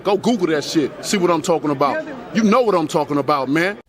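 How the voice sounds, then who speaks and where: A man putting on the voice of a brash, impatient street guy who swears and talks loud and fast. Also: fairly high pitch, animated, crowd noise, pitched above the performer's own voice, natural voice. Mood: pushy.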